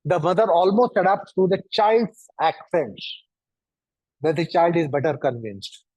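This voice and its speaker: A man giving a lecture, speaking deliberately and piling up synonyms for emphasis. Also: on the high side, a little mellow, no echo. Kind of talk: lecture to an audience. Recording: dull, dry recording.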